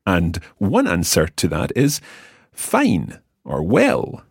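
A man teaches a language lesson in a very deep, slightly husky voice, his pitch swinging hugely as he patiently explains and slowly sounds out each word. The recording is dry and close, without any room sound.

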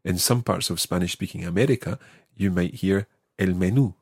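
A man with a low, slightly husky voice teaches an audio language lesson. He explains patiently and slows right down to model each word, recorded close and dry. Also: a little mellow, no echo. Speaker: language teacher, podcast host.

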